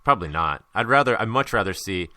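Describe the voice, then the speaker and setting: A man's voice: on the low side, animated, quick pace, pushed and bright, no room sound. A young American man hosting a casual sports chat, hungover and rambling with lots of fillers and restarts. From United States. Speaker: podcast host.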